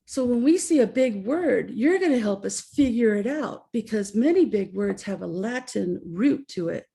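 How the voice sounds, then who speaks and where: A middle-aged woman educator giving a talk, telling anecdotes with lively storytelling and acting out the voices she quotes. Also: a little high, normal speed, gravelly. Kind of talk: presentation with anecdotes.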